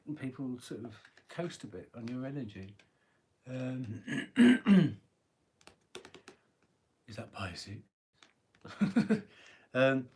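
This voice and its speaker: A man with a husky voice giving a live tarot reading, chatty and rambling, often clearing his throat. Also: medium pitch, darkish tone, slight background noise. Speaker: tarot reader.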